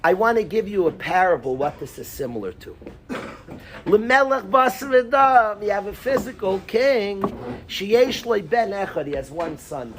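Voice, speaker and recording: High-voiced animated rabbi teaching students. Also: male voice, measured pace, noisy background. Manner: animated, quizzes students by name, mixes in Hebrew and Yiddish terms. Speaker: rabbi teaching a Talmud class. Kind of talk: lively Talmud lesson. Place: synagogue classroom.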